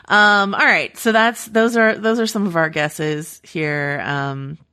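Lady podcast cohost, lower voice, rambly and chatty, lots of ums. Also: flat delivery, slow, sharp tone, clean tone. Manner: chatty, many fillers and restarts. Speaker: podcast co-host. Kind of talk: casual podcast chat.

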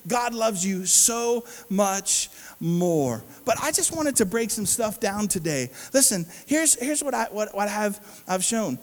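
A man's voice: high voice, lively intonation, a little slow, few pauses, a bit bright, in a large hall, rough recording. A man preaching a sermon, emphatic and calling out to the congregation. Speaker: pastor.

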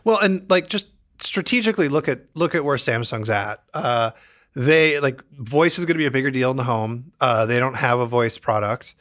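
A man's voice: mid-range voice, moderate pace, a bit bright. A man co-hosting a casual tech podcast, rambling through many fillers with a wry tone. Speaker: podcast co-host.

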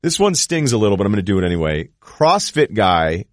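A middle-aged man co-hosting a casual comedy podcast, animated and sarcastic, slipping into put-on voices for jokes. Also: fairly low pitch, fairly quick, no room sound, clean studio sound. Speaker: podcast co-host.

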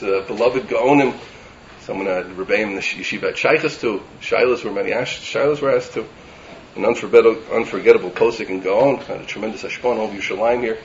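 A man delivering a sermon as a rabbi, animated and building to emphatic lists. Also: medium pitch, dull audio, slight background noise.

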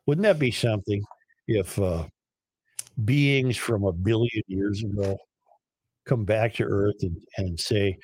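A man's voice: on the low side, takes it slowly, a little mellow, breathy edge, dry recording. A man hosting a podcast, dictating headlines and bantering bluntly with his co-hosts. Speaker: podcast host. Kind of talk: casual studio banter.

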